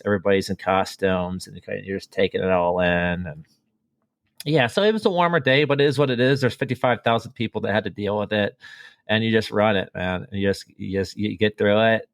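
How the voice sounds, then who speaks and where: Appearing as a podcast guest, a marathon runner chats casually, telling a running story with enthusiasm, lots of fillers and frequent restarts. His voice sits on the low side. The studio sound is clean, with no room sound.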